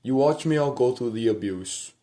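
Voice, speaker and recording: A man telling a personal story to the camera at home at night, rambling and profane, repeating himself and trailing off into quiet murmurs. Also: medium pitch, expressive, moderate pace.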